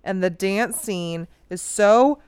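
A woman recounting a case for a casual podcast, unhurried and drawn out, with a smooth, clear voice. She swears freely and laughs often. The recording is close and dry. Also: medium pitch, a little mellow, dry recording. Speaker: podcast co-host. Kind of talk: casual true-crime chat.

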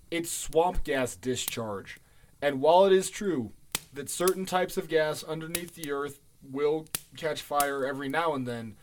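A man's voice: fairly high pitch, slight background noise. A man co-hosting a podcast in casual chat, offhand and profane, tossing off dismissive asides. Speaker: podcast co-host.

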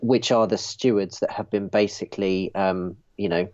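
A man narrating as game master for a tabletop game, halting and full of fillers. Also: low voice, steady tone, darkish tone, muffled recording.

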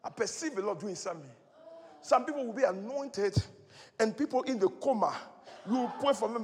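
Male pastor, very high voice, impassioned sermon with repeated lines, reverberant hall. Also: lively intonation, brisk. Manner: impassioned preaching, repeating phrases, swinging from soft to loud.

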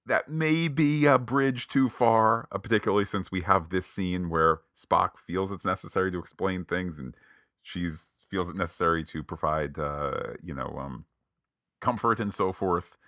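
A man co-hosting a casual podcast, recapping an episode in a playful, animated way with lots of jokey asides. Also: low voice, normal speed, no echo, studio quality. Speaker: podcast co-host.

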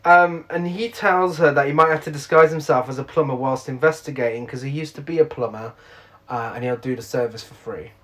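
A woman's voice: rumbling low, fairly quick. Woman, podcast co-host, giggly blunt plot recap. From United Kingdom. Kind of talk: casual chat recapping a film.

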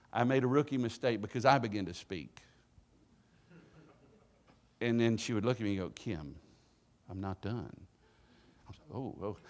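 A middle-aged man preaching a sermon in a church, joking and calling for responses from the congregation. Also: mid-range voice. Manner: playful, call-and-response with congregation. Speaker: guest preacher. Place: church sanctuary.

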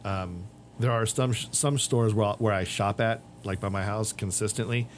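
A podcast co-host with a lowish voice chats casually at a moderate pace, telling rambling stories and acting out what people said. There's slight background noise.

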